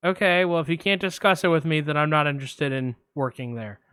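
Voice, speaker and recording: A chipper female receptionist, as a man puts her on with a high, bright, chirpy voice. It is a dry, close-sounding podcast reenactment of a phone call. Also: brisk, smooth, no room sound, close to an everyday voice. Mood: puzzled. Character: chipper woman receptionist at a doctor's office.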